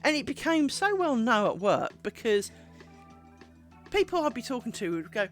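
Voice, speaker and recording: A woman streamer telling a rambling, animated story in casual chat while she works on a craft. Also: a little high, normal speed, soft background music.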